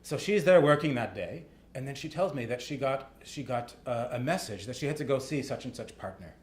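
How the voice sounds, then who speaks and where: A man's voice: mid-range voice, expressive, brisk, slight background noise. Chatty man telling a story in an echoey room. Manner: chatty, with many fillers and tag questions. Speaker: author speaking at a talk. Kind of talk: casual storytelling talk. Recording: echoey room with faint ambience.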